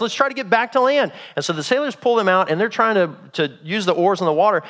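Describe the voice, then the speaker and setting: A man preaching a sermon, retelling a story in a lively, dramatic way and acting out the characters. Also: sits high.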